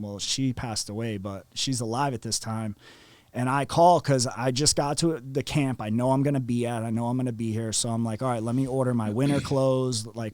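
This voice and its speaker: A young man from Florida tells his story as a podcast guest, talking casually with lots of swearing and acting out what others said. His pitch sits in the middle, and the recording is dry and close. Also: no room sound. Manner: animated, profane, acts out quotes.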